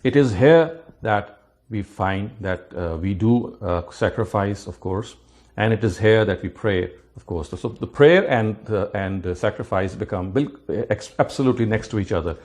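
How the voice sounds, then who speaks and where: Man, scripture lesson, careful step-by-step explanation, quick verse recitation, lowish voice. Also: darkish tone. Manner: methodical, often restarts phrases, recites verses rapidly. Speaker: religious teacher.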